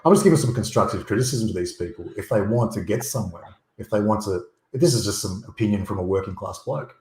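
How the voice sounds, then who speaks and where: A man's voice: on the low side, animated, fast, darkish tone. A man talking as a guest over a video call, blunt and opinionated, swearing freely. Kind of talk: casual chat. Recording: echoey room.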